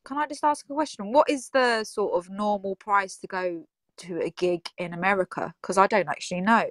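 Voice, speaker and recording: A woman's voice: mid-range voice, normal speed, no room sound. A woman with a posh-sounding voice, chatting casually on a panel.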